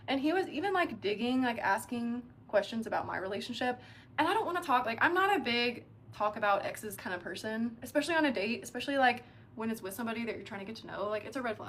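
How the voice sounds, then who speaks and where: A young adult woman telling a dating story in a casual, animated way, with lots of "like" fillers. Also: fairly high pitch, slight background noise. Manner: chatty, animated, heavy use of filler "like".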